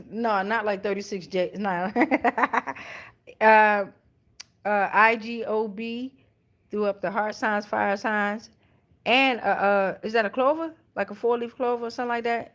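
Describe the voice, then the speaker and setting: A woman's voice: a little high, fairly bright tone. Laid-back, profane woman streamer. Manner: loose, profane, laughing, street slang. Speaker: tarot livestream host. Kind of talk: casual livestream chat reading comments.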